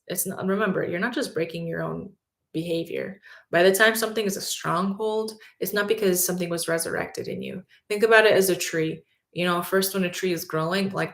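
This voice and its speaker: A woman giving a faith-based motivational talk, telling a personal story in an animated way and acting out the people in it. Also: fairly low pitch, vocal fry. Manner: animated, acts out quotes, frequent "like". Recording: roomy echo.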